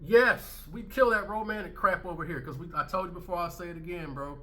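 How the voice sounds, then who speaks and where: A commentary channel host reacts to clips he's playing, his bright, forceful voice pitched a touch high for a man and moving a little fast. He speaks bluntly and emphatically, repeating the same lines over and over to hammer his points home.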